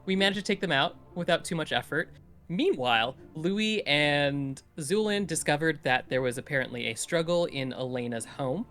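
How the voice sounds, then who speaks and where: A man casually recapping the last tabletop role-play session for the group, in an animated storytelling way. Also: a little high, moderate pace, faint music behind. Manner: animated storytelling, playful voices in quotes. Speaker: player giving a recap.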